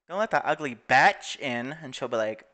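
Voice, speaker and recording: Lively, profane young man playing a game. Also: medium pitch, slow pace. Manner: profane, laughing, teasing, mock voices. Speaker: gaming video creator. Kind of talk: casual gameplay commentary.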